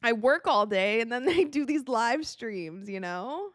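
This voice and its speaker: An excitable woman from the United States giving casual live commentary while watching a game, tired and yawning, with quick reactions and frequent laughs. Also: a little high, no room sound, studio quality. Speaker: live-stream sports commentator.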